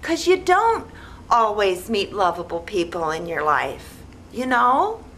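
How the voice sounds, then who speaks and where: A woman retelling a movie plot in a rambling, deadpan, naive way, with lots of "like" and "you know". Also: medium pitch, slow pace, slight background noise, poor audio. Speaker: movie recapper.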